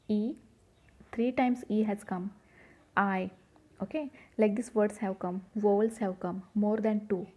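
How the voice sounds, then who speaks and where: A woman's voice: mid-range voice, warm tone. A woman teaching a grammar lesson, patiently repeating each rule and asking the class questions. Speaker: English teacher. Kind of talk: grammar lesson explaining rules.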